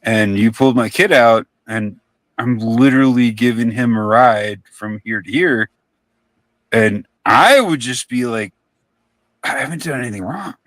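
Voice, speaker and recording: A man's voice: medium pitch, measured pace, a bit bright, no echo. A young man chatting casually on a live stream, telling rambling stories and swearing offhandedly. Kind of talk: casual storytelling chat.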